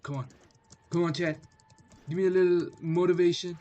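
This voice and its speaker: A young man streaming gameplay, chatting casually and trash-talking enemies with sudden yells. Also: a little high, steady tone, normal speed. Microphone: headphones with mic.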